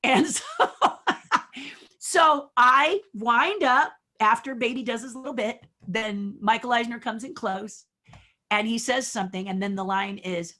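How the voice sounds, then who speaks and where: Woman spinning funny stories, bright sharp voice, keeps doing the voices. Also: fairly high pitch, unhurried. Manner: animated, acts out quotes, laughs often. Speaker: guest puppeteer and designer. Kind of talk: casual storytelling interview.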